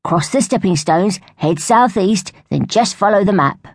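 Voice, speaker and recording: A woman voicing a kindly old male squirrel grandfather with a cosy, lively manner. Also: mid-range voice, a little slow, husky, dry recording, clean studio sound, pitched above the performer's own voice.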